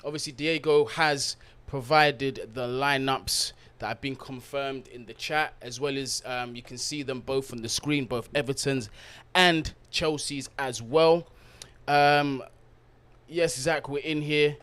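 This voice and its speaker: A man hosting a live football watch-along, reading out viewers' comments and giving them shout-outs in an upbeat, slangy way. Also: medium pitch, steady tone, unhurried, clear, resonant tone. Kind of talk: live-stream chat.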